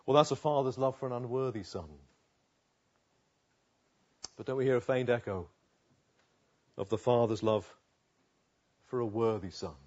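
A man preaches a sermon, slow and emphatic, with long pauses. His volume rises and falls sharply between quiet and loud passages, and his voice sits in a middle register. The recording is somewhat muffled. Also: medium pitch. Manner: dramatic swings between hushed and loud passages.

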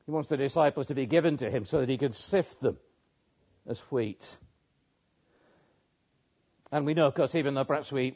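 A man preaching a measured expository sermon, with pauses and small restarts. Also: a little high, a little mellow. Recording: muffled lo-fi sermon recording.

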